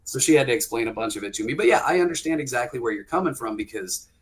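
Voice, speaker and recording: A man in his thirties telling a story on a casual podcast. He slips into quoted lines from the conversation and swears freely. His voice sits at a middle pitch. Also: racing, husky. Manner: profane, animated anecdote-telling with quoted dialogue. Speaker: podcast co-host.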